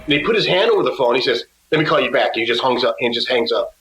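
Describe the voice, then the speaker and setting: A man's voice: mid-range voice, lively intonation, fast, fairly bright tone, roomy sound, slight background noise, low-quality recording. A man guesting on an interview, telling stories in a casual way and acting out the other people's lines. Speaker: musician guest.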